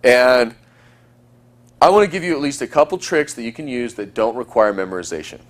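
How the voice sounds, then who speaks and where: A man teaching a recorded lesson as a dating coach. He talks in a quick, chatty way and often acts out example lines. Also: medium pitch.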